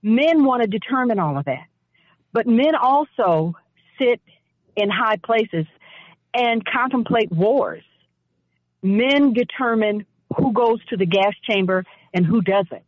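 A woman on a radio talk show giving impassioned commentary and telling a personal story, speaking emphatically and deliberately, with repeated phrases. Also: fairly high pitch, expressive, no room sound. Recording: dull lo-fi radio audio.

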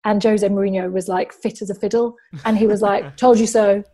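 A woman's voice: medium pitch, little pitch movement, fairly quick, mellow. A woman, a football journalist, chatting and telling stories in an interview, with many casual fillers.

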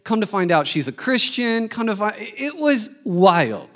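A man preaching a sermon, telling a lively story and acting out the people in it. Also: high voice, unhurried. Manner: animated storytelling, acting out quoted voices. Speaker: pastor.

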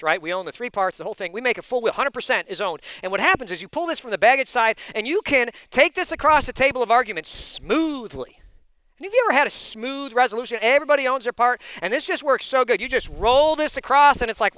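A man preaching a sermon, telling a personal story in an animated, chatty way, full of asides and sudden loud bursts. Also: very high voice, fast, clear, resonant tone, dry recording. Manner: animated and intense, given to loud outbursts. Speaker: pastor.

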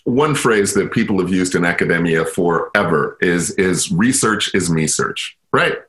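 Guy from chicago on a radio interview, lowish voice, animated storyteller poking fun at himself. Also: measured pace. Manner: reflective, self-deprecating, animated storyteller. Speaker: guest, university inclusion officer.

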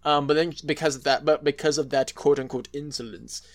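A man talks through a story in a loose, casual podcast chat. His voice sits a little high, and he circles back with fillers and restarts as he goes. He swears freely along the way. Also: steady tone, a little fast. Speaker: podcast co-host.

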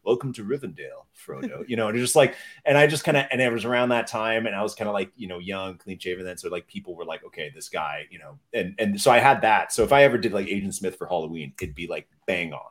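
Deep-voiced man. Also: quick pace, hardly any pauses. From Canada. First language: French. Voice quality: deep, radio-like voice. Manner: rambling, self-deprecating storyteller with many fillers. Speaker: podcast guest. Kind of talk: casual chat.

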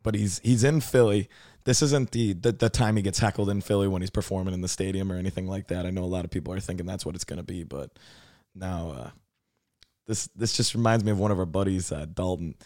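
Man, reaction host, casual chat, lots of swearing, low voice. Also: fairly even intonation, fast, warm tone, no echo, clean studio sound. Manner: casual, swears a lot, says dude.

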